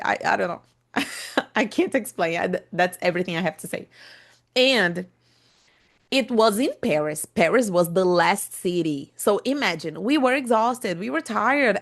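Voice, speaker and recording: A young woman with a Brazilian Portuguese accent, a native Portuguese speaker, chatting enthusiastically as a podcast host, with many fillers and restarts. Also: mid-range voice. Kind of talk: casual podcast monologue for English learners.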